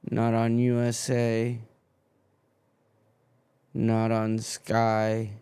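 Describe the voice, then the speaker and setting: A man's voice: mid-range voice, completely flat delivery, drawn-out words, mellow, clear, resonant tone. A man hosting a live football watchalong stream, swearing and grumbling as his stream keeps freezing.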